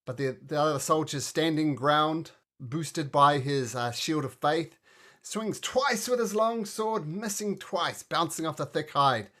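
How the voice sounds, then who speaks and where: A slightly high-voiced man, speaking a little slowly, serves as game master for a tabletop game. He keeps things chatty and cheerful, with excited bursts when the dice roll well.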